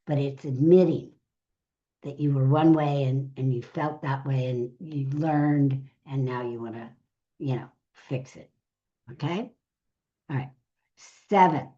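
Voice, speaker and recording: A woman's voice: deep voice, darkish tone, dull audio. A middle-aged woman, a speaker trainer, teaching a live session, going through numbered tips and repeating each key phrase.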